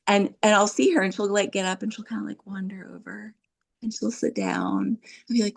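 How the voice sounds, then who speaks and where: A middle-aged woman chatting as a podcast guest, telling animated stories and often checking in with the listener. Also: mid-range voice, brisk, gravelly. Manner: animated storytelling, checks in with "right?". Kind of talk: casual podcast chat.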